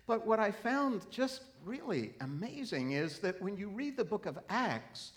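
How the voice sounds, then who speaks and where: A middle-aged man preaching a sermon, telling a story earnestly and then rising into emphatic, animated preaching. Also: sits high, unhurried. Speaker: pastor.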